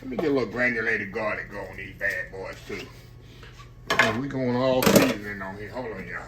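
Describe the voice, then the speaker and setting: A man's voice: fairly low pitch, normal speed, background noise. A man hosting a casual cooking demonstration in his home kitchen, chatty and folksy, always calling out to his viewers. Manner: folksy, chatty, keeps addressing viewers as y'all. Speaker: cooking channel host.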